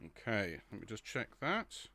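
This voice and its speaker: A man's voice: lowish voice, very animated, unhurried, vocal fry, sharp tone, faint music behind. A middle-aged man leading an online choir rehearsal from his home studio, chatting and greeting viewers by name. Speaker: choir director. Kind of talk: livestream rehearsal chat.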